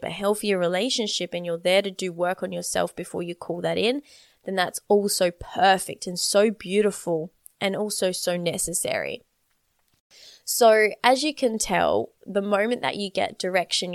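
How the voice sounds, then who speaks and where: A woman's voice: medium pitch, dry recording, clean studio sound. A woman, talking as a relationship coach in an earnest, flowing coaching monologue with casual swearing.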